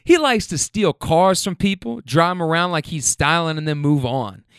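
A blunt, wisecracking young woman passenger, as a male storyteller puts her on, delivered in his own clear, close voice with only a light shift. Her jokes come out flat and matter-of-fact. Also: on the high side, normal speed, no echo. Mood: teasing.

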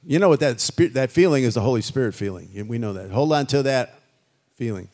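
A man's voice: medium pitch, fairly quick. Chatty older man answering questions. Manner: chatty, animated, rambling with restarts. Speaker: guest musician. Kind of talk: festival Q&A talkback.

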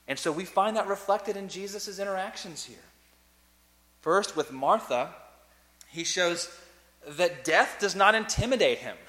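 Bright-voiced preacher man in a reverberant hall. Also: a little high. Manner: earnest preaching with sudden loud and soft swings. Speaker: pastor. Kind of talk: sermon. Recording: long reverb of a large hall.

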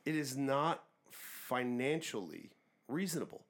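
A man's voice: mid-range voice, sing-song, a little slow, a bit bright. A man co-hosting a podcast, arguing emphatically in casual, profane chat. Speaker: podcast co-host.

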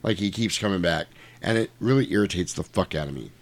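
A man casually retelling a movie plot in chat, animated and swearing, acting out lines in put-on voices. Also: low voice, quick pace.

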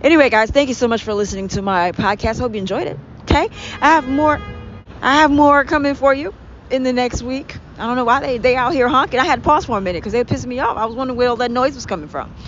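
A woman's voice: high voice, fast. A woman hosting her own podcast, ranting sarcastically and with exasperation about annoying coworkers, swearing freely as she goes. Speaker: podcast host. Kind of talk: ranting monologue. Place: vehicle with traffic outside. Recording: dull lo-fi sound with faint street noise.

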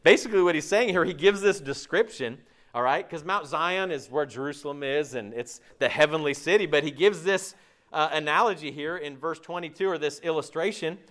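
A man preaching a sermon in a lively, conversational way, joking and asking the congregation frequent questions. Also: a little high, brisk. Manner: asks the audience frequent questions. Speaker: pastor.

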